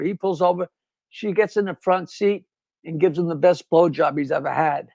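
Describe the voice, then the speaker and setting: High-voiced brash older Long Island man. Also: brisk, no room sound, lo-fi sound. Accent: Long Island New York. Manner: brash, rambling, laughs at his own jokes. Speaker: guest comedian. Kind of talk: casual chat and joke telling.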